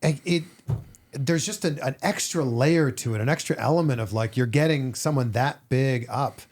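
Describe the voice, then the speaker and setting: A man hosts a relaxed interview in a studio. He asks short, curious follow-up questions in an easy conversational way. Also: medium pitch, normal speed. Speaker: interview host. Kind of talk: casual interview. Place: podcast studio.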